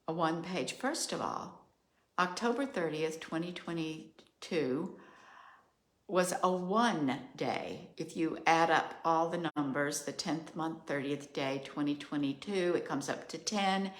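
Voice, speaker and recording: An older woman astrologer giving a reflective solo monologue, measured and musing with the odd filler. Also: low voice. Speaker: astrologer host. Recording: roomy echo.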